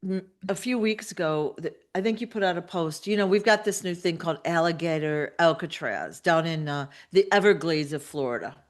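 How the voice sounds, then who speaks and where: A woman's voice: on the low side, expressive, moderate pace, hardly any pauses. A woman hosting a casual live-stream interview, eagerly chiming in with short reactions and questions. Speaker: host.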